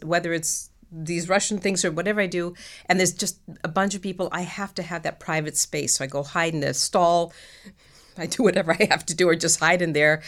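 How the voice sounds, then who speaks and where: Middle-aged actress, low voice, animated storyteller who laughs easily. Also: female voice. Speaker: actress guest. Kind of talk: casual interview chat.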